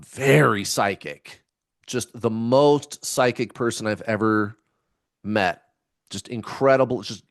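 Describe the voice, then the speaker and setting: A man's voice: fairly low pitch, smooth, no echo, clean studio sound. A middle-aged man chatting casually to camera in a rambling, laid-back way, with the odd swear word. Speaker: spiritual vlogger.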